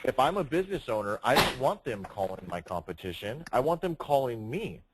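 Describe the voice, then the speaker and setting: A man's voice: medium pitch, sing-song, fairly quick. A man leading a sales training session, speaking emphatically, projecting his voice and firing rhetorical questions. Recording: noisy room recording.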